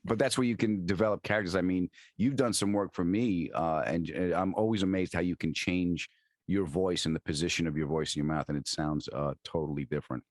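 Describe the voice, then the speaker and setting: Low-voiced New York man telling stories. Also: brisk, no room sound, clean studio sound. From Long Island, New York. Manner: animated storyteller, restarts often. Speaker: guest comedian and actor. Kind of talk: casual storytelling interview.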